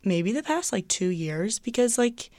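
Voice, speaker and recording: A woman's voice: mid-range voice, big pitch swings, a little slow, darkish tone, no room sound, studio quality. A young woman student, a guest on a casual podcast, rambling and saying "like" a lot. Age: young adult. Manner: rambling, heavy use of "like".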